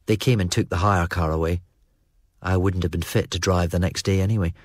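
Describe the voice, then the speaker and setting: A man narrating a first-person novel as an audiobook, in a steady, even storytelling manner. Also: low-pitched, brisk, no echo.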